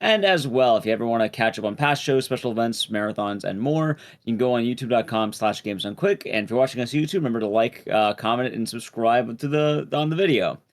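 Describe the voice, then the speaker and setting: A man hosting a live speedrun stream, reading announcements in a relaxed way with some dry humor. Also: mid-range voice, fast, few pauses. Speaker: show host.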